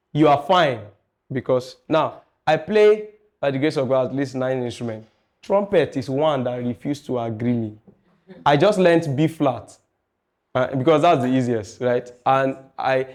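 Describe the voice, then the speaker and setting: A man's voice: mid-range voice, darkish tone. A man teaching a music class, chatty and jokey, often asking his students questions. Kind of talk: classroom lecture.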